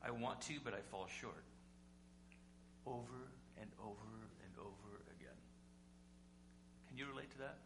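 A male pastor preaching a sermon conversationally, asking rhetorical questions and swinging between loud and quiet. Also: lowish voice, measured pace, creaky, pauses often. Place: church sanctuary. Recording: echoey room with faint hum.

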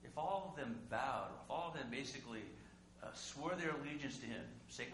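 A male pastor preaching a conversational sermon, full of rhetorical questions and sudden drops to a hush. His voice is bright and forceful at a middle pitch. It rings through an echoey church with a faint hum underneath. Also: animated, a little fast. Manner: conversational, with rhetorical questions and dramatic swings in loudness. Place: church sanctuary.

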